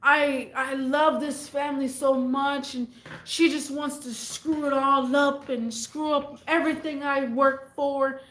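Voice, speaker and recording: A woman putting on the voice of a drunk, furious man who rambles, shouts and pleads. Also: sits high, flat delivery, measured pace, echoey room. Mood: pleading. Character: drunk furious man ranting at his family.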